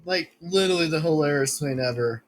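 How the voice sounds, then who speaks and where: A man's voice: fairly high pitch, a little fast. A man rambling through casual reaction commentary, laughing often and swearing. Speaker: video reactor.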